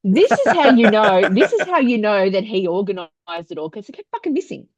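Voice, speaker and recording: A woman from New South Wales with an Australian accent, co-hosting a podcast in casual chat, blunt, outspoken and quick to swear. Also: mid-range voice, very animated, darkish tone, dry recording. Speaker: podcast co-host.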